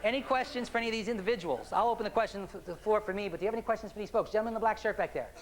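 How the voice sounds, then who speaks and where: A man performing as a stage hypnotist, moving from upbeat showman banter to slow, soothing hypnotic suggestions on stage. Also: sits high. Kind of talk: live hypnosis stage show. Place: stage before a live audience. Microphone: handheld microphone. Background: audience laughter and applause.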